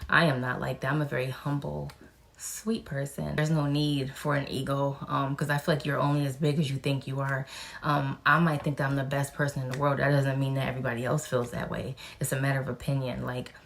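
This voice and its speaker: Very low-voiced, gravelly young woman vlogger. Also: level tone, brisk. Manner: chatty and frank, with casual cursing. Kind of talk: casual Q&A vlog.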